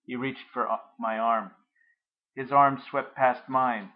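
A man narrating a first-person story in a measured, reflective way. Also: mid-range voice, steady tone, phone-quality sound.

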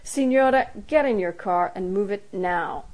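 A woman's voice: medium pitch, expressive, normal speed, a little mellow, lightly acted, poor audio. Woman doing a stern Italian police officer. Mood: commanding.

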